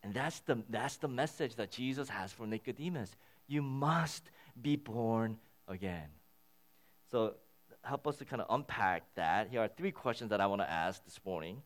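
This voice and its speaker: A man's voice: mid-range voice, a bit bright. A man preaching a sermon as pastor. He talks to the congregation in a conversational way, stresses key phrases and repeats them, and his voice climbs when he makes a point. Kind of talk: sermon with scripture reading.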